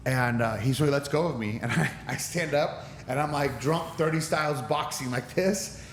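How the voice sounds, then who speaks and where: A man tells a story on a podcast, and he jumps into higher voices whenever he quotes the other people in it. His own voice sits at a medium pitch. There is a faint hiss of background noise under the talk. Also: normal speed. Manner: acts out other people's lines with raised pitch. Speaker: podcast guest. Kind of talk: animated storytelling.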